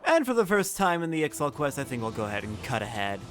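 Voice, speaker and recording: A man's voice: mid-range voice, big pitch swings, fast talker. Wry man giving gameplay commentary. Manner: wry, joking asides. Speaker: let's play host. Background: faint game music.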